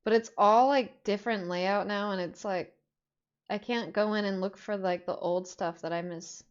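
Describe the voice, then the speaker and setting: A woman's voice: mid-range voice, fairly even intonation, moderate pace, clean tone, dull audio. A young adult woman telling stories in casual chat, rambling with lots of fillers and swearing freely. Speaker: podcast host.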